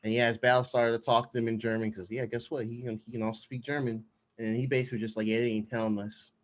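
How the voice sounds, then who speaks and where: A man's voice: medium pitch, flat delivery, fast talker. A man co-hosting a podcast, casually recapping a TV episode in a loose, rambling way with lots of slang and fillers. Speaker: podcast co-host. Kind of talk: casual chat.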